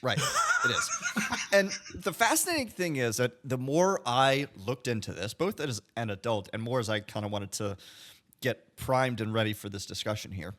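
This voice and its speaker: A man co-hosting a podcast in casual chat, explaining his views in a measured way. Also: mid-range voice, expressive, a bit bright. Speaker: podcast co-host.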